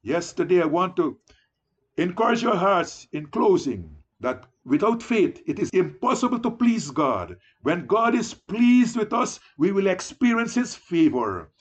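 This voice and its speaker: Male preacher, high and animated, slightly husky, exhorting his flock. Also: unhurried. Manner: exhorting, repeatedly addressing listeners as beloved. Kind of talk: sermon.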